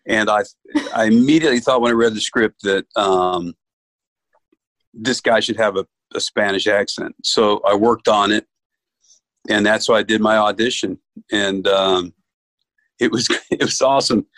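A man from New York, an actor guest, telling stories in a relaxed interview chat and acting out the voices he quotes. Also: fairly low pitch, dry recording, low-quality recording. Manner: animated storyteller, acts out quoted voices.

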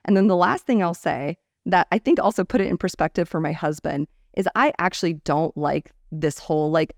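A woman's voice: on the low side, brisk, creaky, hardly any pauses, no room sound, studio quality. A woman in her thirties, a startup founder telling stories in a candid interview, acting out the people she quotes. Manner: animated storyteller, acts out quoted people.

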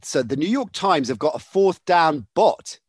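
A man's voice: a little high, very animated, measured pace, husky, no room sound. A man hosting a casual podcast, chatty and often laughing. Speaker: podcast host.

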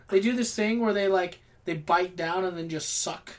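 A man's voice: high-pitched, moderate pace. A man co-hosting a comedy podcast, reacting with profane, incredulous outbursts in casual chat. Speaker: podcast co-host.

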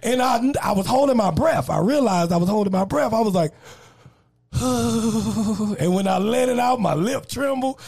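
A man's voice: moderate pace, gravelly, darkish tone, breathy edge. A young man, a comedian and rapper, tells a story in casual chat and acts out every voice in it. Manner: acts out every voice in his story, swinging pitch.

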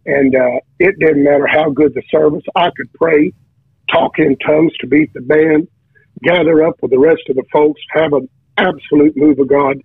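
On a dry, tinny phone line, a guest preacher casually tells his testimony, often starting over and repeating words in a stammer. His voice is a little high and slightly rough, at normal speed.

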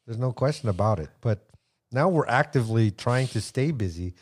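A middle-aged American man, a musician guest on a podcast, telling relaxed stories and laughing often. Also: medium pitch, normal speed, slightly rough. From United States. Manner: relaxed storyteller, laughs often, swears casually. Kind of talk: casual chat.

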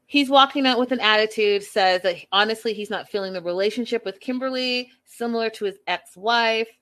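A woman's voice: a little high, a little fast, a bit bright. Blunt woman recapping a reality show. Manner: blunt, exasperated, talks straight to the cast. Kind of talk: casual commentary.

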